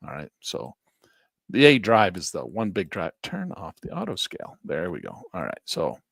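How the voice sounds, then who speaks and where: A man teaching a live trading class over a shared screen, talking in a folksy, animated way and acting out traders in quick voices. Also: sits low, creaky, no echo. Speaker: trading instructor.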